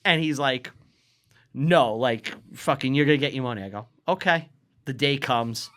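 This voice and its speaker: A man's voice: mid-range voice, moderate pace, fairly bright tone. A man telling a long story on a podcast, casual and profane, acting out what people said. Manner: rambling, profane, acts out quotes. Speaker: guest storyteller.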